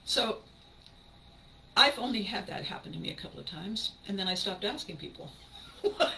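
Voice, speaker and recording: A woman talks unhurriedly in a bright voice, hosting a motivational podcast. She is animated and emphatic, often breaking into laughter, and acts out other people's lines. Her delivery stays measured. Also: medium pitch, a little hiss or hum, low-quality recording. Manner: acts out quoted people in a shifted voice. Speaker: podcast host. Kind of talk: motivational talk.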